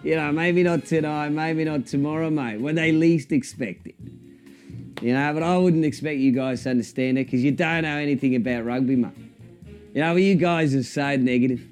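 A comedian doing a cocky rugby coach. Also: male voice, fairly high pitch, moderate pace, darkish tone, soft background music, natural voice. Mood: defiant. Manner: defensive and cocky, tacks "mate" onto everything. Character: brash, touchy older male rugby coach. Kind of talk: comedy impression sketch.

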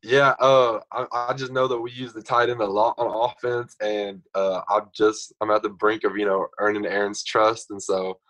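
Young man, low voice, lively storytelling. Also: moderate pace, hardly any pauses, rough recording. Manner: animated storyteller, acts out others' lines. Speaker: guest. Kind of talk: casual storytelling.

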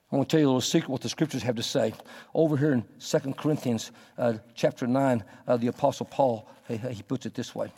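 A man preaching a sermon as pastor, animated, acting out little scenes in a raised voice. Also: mid-range voice, fast talker, husky, long reverb tail.

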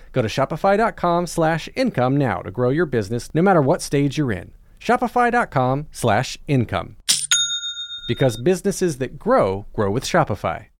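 A man's voice: medium pitch, dry recording, studio quality. A man reading a scripted ad in an upbeat, salesy way. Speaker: ad announcer. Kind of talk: scripted radio ad read.

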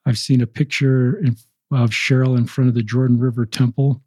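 A man's voice: medium pitch, flat delivery, moderate pace, a little mellow, husky, no room sound. A man hosting a podcast, guiding his guest with explanatory questions. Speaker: podcast host. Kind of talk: interview.

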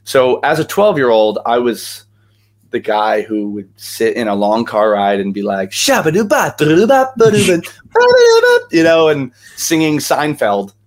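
A man's voice: on the low side, unhurried. A young man, a guest actor, telling stories in a casual interview with lots of energy and many fillers.

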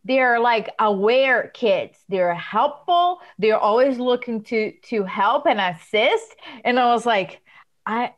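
A woman's voice: fairly high pitch, animated, takes it slowly, lo-fi sound. A woman co-hosting a podcast in casual chat, enthusiastic and effusive. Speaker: podcast co-host.

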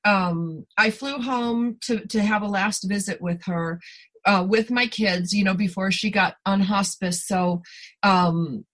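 A woman's voice: medium pitch, unhurried. A middle-aged woman hosting a podcast, telling stories in a chatty way full of "you know". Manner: chatty storyteller, lots of "you know" and laughs. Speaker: podcast host. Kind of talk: casual chat.

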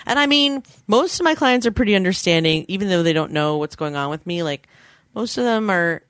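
A woman's voice: lowish voice, lively intonation, fairly quick, fairly bright tone, no echo. A woman in her thirties hosting a podcast, talking candidly and chattily, self-deprecating and acting out quoted lines. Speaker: podcast host. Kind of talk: casual chat.

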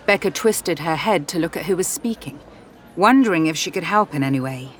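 A woman narrating an audiobook in a steady, expressive reading voice. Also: deep voice, brisk.

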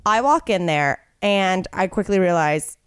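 A young woman in casual podcast chat, telling an animated story and acting out the lines of the people in it. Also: medium pitch, unhurried, smooth, no echo. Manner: animated, swearing, acts out quotes.

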